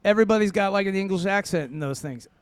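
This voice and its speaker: Higher-pitched guy on a podcast, keeps chiming in with yeah. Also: fast talker, a crowd in the background. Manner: agreeable, chiming in. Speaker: podcast co-host. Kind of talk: casual chat.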